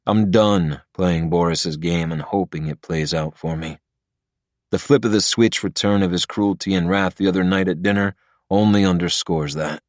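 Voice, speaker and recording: A man with a very low voice reads a first-person audiobook in a gruff, brooding manner, with frequent cursing. The read is close to the mic and dry, without room echo. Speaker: audiobook narrator.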